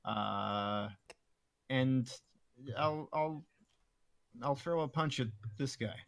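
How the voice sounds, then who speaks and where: A man playing a tabletop game, talking in a halting way with many fillers. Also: medium pitch, gravelly, no echo. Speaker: player. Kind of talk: casual tabletop play.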